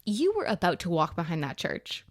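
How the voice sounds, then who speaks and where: Animated young woman telling a story. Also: on the low side. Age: young adult. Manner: animated, rushed, exasperated retelling with many "like"s. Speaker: podcast co-host. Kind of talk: casual storytelling.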